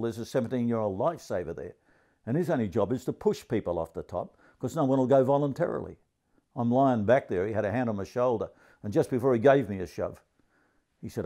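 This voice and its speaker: A man in his seventies with an Australian accent and a mid-range voice tells a crude, grumpy stand-up comedy story with deadpan delivery.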